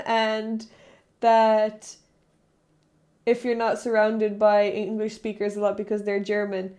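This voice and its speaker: A woman's voice: fairly high pitch, fairly even intonation, takes it slowly, long pauses, a little mellow. A young woman streamer chatting casually with her live chat, rambling, correcting herself and laughing often.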